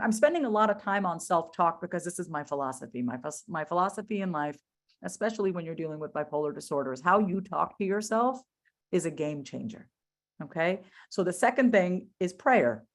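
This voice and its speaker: A woman presenting a motivational webinar in a voice that sits a little low. She speaks earnestly and directly, firing rhetorical questions at her listeners and repeating key phrases for weight. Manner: direct, asks the audience many rhetorical questions. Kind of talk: motivational talk to an online audience.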